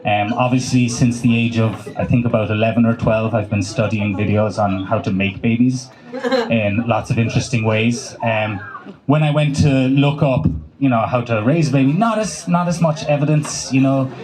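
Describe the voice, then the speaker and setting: The rough recording comes from a live room at a small cafe open mic, where crowd laughter rises behind a young adult comedian from Ireland. His voice is medium-pitched and a little mellow, his throat dry, and he swears loosely through a story peppered with quick voiced asides.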